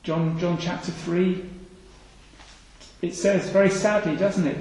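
A man's voice: high voice, steady tone, slow pace, long pauses, a little mellow. A man preaching a sermon, earnest and full of rhetorical questions, repeating his phrases for emphasis. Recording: echoey hall reverb.

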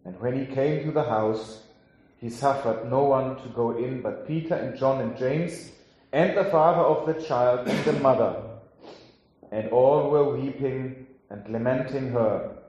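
Slow solemn preacher in an echoey hall. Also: male voice, mid-range voice, darkish tone, dull audio. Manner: slow, solemn delivery with drawn-out phrases. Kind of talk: scripture reading and sermon.

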